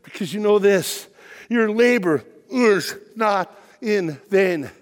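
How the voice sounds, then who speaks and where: A middle-aged pastor delivers a sermon from the pulpit in a very high, bright voice at a slow pace. He moves from steady reading to forceful, shouted declarations, preaching emphatically and shouting at the peaks but growing quiet when he shares a personal story. A long reverb from the large sanctuary trails his words.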